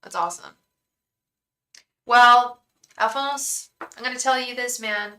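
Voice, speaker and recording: A woman's voice: on the high side, slow, sharp tone, rough recording. A young woman hosting a live tarot reading, chatting effusively with viewers and thanking them by name.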